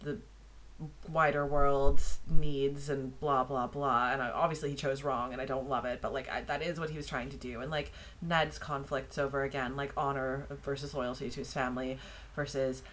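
Brief: frank, wry woman co-host with a low voice in a casual book chat. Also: flat delivery, moderate pace, a bit bright, rough recording. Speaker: podcast co-host.

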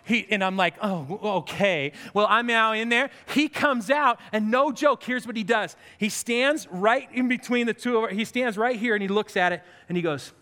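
A man with a very high, bright, forceful voice delivers a sermon to his church. He tells everyday stories in an animated way and breaks into comic outbursts. The sound rings with the long reverb of a large hall. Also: moderate pace, few pauses. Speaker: pastor.

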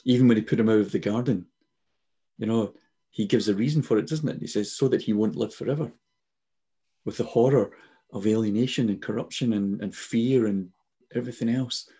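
A man in his sixties with a dark, husky voice talks over a video call. He tells his stories with energy and acts out the voices he quotes in an easygoing faith conversation. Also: lowish voice, brisk. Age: 60s. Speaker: guest.

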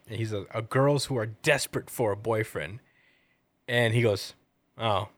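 Pausing often and speaking a little slowly, a lowish-voiced man co-hosts a relaxed podcast recorded without echo. He meanders through a recap of a chapter, bringing the characters' lines to life by performing them.

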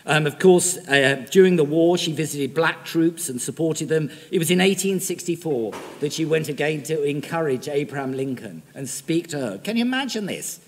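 A man's voice: a little high, animated, normal speed, hardly any pauses. A male preacher giving an emphatic sermon in a church, often asking his listeners rhetorical questions. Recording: long reverb in a large hall.

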